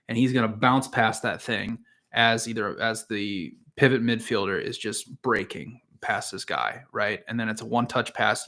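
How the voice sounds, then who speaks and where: Man, casual solo podcast host, rambling, lots of fillers, mid-range pitch. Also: fairly bright tone. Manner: rambling, frequent fillers and restarts. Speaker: podcast host and soccer analyst.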